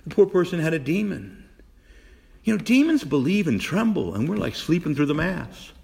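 A middle-aged priest delivers a sermon in a fairly high voice that rises and falls widely. He presses his points with repeated phrases and questions put straight to his listeners. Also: normal speed, creaky. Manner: animated preaching, repeats phrases for emphasis.

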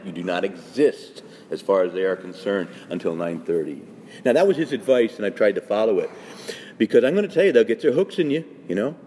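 A man's voice: lowish voice, a little mellow, a little hiss or hum. A man, a priest, giving an earnest, emphatic and conversational talk to fellow priests, with many asides. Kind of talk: spoken retreat talk. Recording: echoey hall with faint ambience.

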